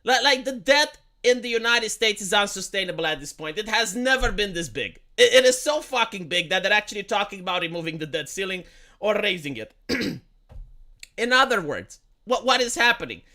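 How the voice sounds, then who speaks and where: Pitch leaping up and down in a bright, cutting voice, a live streamer rants casually about politics. Heated and combative, he curses often, trips over repeated words, and keeps challenging viewers with rhetorical questions.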